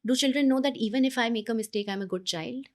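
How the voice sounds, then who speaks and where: A woman, a parenting coach speaking earnestly in an interview, pausing and restarting her thoughts. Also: on the high side. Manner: earnest, with many pauses and restarts. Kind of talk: conversational interview advice.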